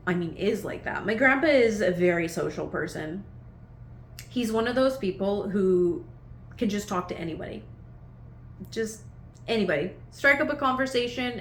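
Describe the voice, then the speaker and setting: A woman's voice: medium pitch, a bit bright, a little hiss or hum. A woman in her thirties, a vlogger casually telling a personal story to camera in a meandering, chatty way. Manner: chatty, meandering, full of "like" fillers. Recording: echoey room with faint ambience.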